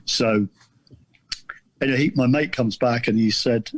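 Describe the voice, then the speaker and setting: A man's voice: on the low side, expressive, normal speed, slightly rough, no room sound. A middle-aged man from the south of England telling a story on a podcast, rambling and self-deprecating, with many restarts. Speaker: podcast guest, author. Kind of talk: casual storytelling.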